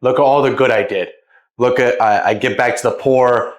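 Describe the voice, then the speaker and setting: A man's voice: mid-range voice, normal speed, echoey room, lightly acted. A man voicing a boastful, self-righteous Pharisee who keeps repeating "I" while praying aloud. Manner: smug, repeats "I" over and over.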